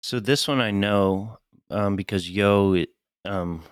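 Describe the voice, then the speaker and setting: Low, smooth-voiced man co-hosting. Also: slow pace, no room sound, clean studio sound. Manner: tentative, hesitant. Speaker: co-host learning Spanish. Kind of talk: casual podcast chat.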